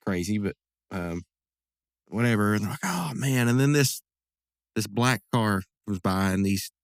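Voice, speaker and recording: A man's voice: on the low side, no room sound, clean studio sound. A man casually recapping an episode as a podcast host, rambling with lots of fillers and asides.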